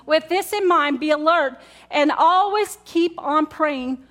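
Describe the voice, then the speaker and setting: A woman with a high, slightly bright voice speaks slowly as she preaches to her congregation in church. This pastor keeps the sermon conversational, repeats key words, and asks the congregation questions.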